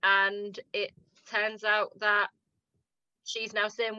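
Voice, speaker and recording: Bright, animated northern English woman. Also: mid-range voice, very slow, long pauses, clear, resonant tone, dry recording, lo-fi sound. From northern England. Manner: animated, laughing often, acting out quotes. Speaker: podcast co-host. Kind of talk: casual chat recapping a TV drama.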